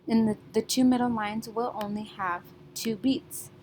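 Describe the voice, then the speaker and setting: Teacher, female, slightly high voice, slow deliberate delivery, faint rumble behind. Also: fairly even intonation, a little mellow, rough recording. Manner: patient, repeats "okay?" often. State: keeps clearing her throat. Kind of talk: remote classroom lesson.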